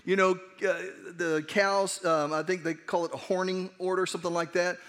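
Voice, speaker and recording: A man's voice: high-pitched, flat delivery, moderate pace, a bit bright. A man preaching a sermon as pastor, conversational and earnest, often restarting his sentences. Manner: conversational, earnest, with frequent restarts and acted asides.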